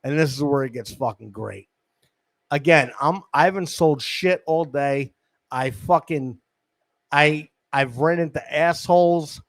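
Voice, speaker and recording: A man's voice: a little high, measured pace, dry recording. A man, hosting a podcast and telling a rambling, profane street-hustler story into a studio mic. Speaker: podcast host. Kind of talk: casual storytelling. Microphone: studio microphone.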